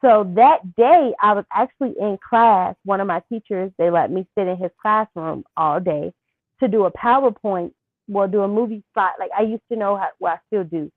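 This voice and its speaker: Soft-spoken woman on a thin phone-like line. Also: mid-range voice, no room sound. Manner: soft-spoken, halting with fillers. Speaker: guest. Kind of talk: interview, personal story.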